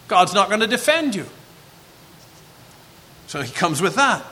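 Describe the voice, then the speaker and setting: A man preaching a sermon, animated and acting out the voices of the figures in his text. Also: sits high, a little slow, long pauses, big-room sound.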